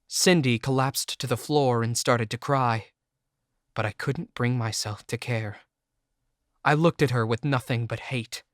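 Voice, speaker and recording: Guy narrating an audiobook, intense and emotional, mid pitch, dead dry sound. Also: measured pace, no echo. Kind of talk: scripted first-person narration.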